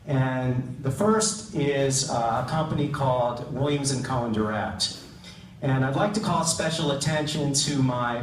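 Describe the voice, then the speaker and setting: A man's voice: mid-range voice, a little hiss or hum. A middle-aged man giving an award acceptance speech in a large event hall, hesitant, with many ums and self-deprecating humor. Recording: roomy hall, distant mic, faint ambience.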